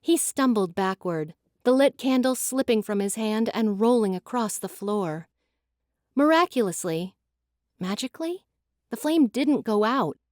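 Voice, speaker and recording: A woman giving an expressive, dramatic scripted narration of a fantasy audiobook. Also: medium pitch, no echo, clean studio sound.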